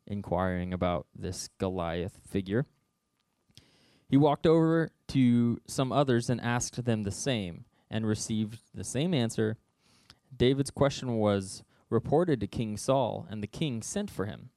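A man's voice: lowish voice, measured pace, dry recording, clean studio sound. Joking young man giving a sermon. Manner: joking, conversational, animated storytelling. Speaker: youth speaker. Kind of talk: casual sermon.

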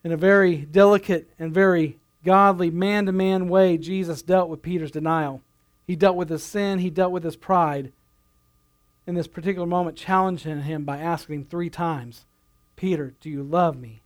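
A man with a notably high voice delivering a sermon. He speaks earnestly, leaning on repeated phrases to drive his points home. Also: steady tone, normal speed. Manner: earnest, building emphasis, repeats phrases for effect. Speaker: pastor.

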